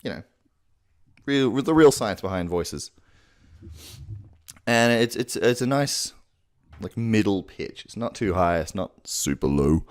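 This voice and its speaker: Low-voiced man teaching cartoon voices, crude and rambling, pitch jumping all over. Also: animated, unhurried, long pauses. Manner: crude, rambling, self-mocking. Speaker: voice impression tutor. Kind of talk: casual tutorial. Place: home room at night.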